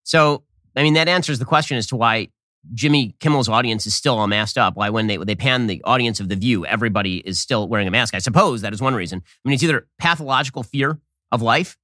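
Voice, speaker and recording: On a close studio mic, a male political commentary host delivers a fast, sardonic opinion monologue with quick restarts. His mid-range voice sounds pushed and bright. The recording is dry.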